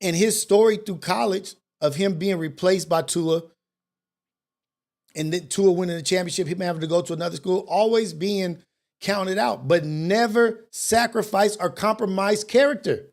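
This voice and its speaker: A man's voice: high voice, moderate pace, darkish tone. A man hosting a talk show, delivering a preachy monologue with street slang and repeated rhetorical questions. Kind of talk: impassioned monologue.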